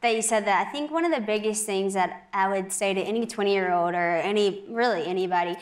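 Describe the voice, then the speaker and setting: A young woman sharing a faith testimony as a guest in a TV interview, earnest and chatty, with a lot of "like"s. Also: medium pitch. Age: young adult. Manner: earnest, chatty, many "like"s, quick laughs.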